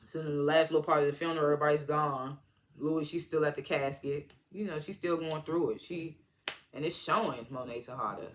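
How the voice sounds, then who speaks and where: A man's voice: a little high, brisk, slight background noise. A man giving a casual, rambling, slangy recap of a TV episode as a reviewer. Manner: rambling slangy retelling with acted-out quotes. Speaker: TV show reviewer.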